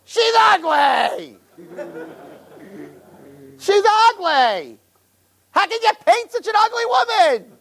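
A man's voice: sing-song, slow pace, creaky, pauses often, full character voice. A man voicing a brash old Jewish woman tourist who shrieks her complaints. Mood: outraged. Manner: shrill, shouting complaints.

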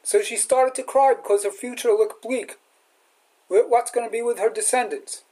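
A man's voice: very high voice, moderate pace, rough recording. A man giving a sermon as a rabbi and teacher, retelling a film scene and acting out its lines. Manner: animated storyteller acting out quotes. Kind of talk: sermon with storytelling.

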